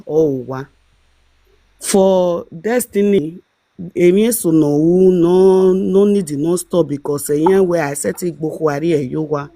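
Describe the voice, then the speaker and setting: A woman's voice: fairly low pitch, dark tone, no room sound. Rambling Nigerian woman hosting a live stream. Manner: rambling, emphatic, full of fillers. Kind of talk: casual live-stream commentary.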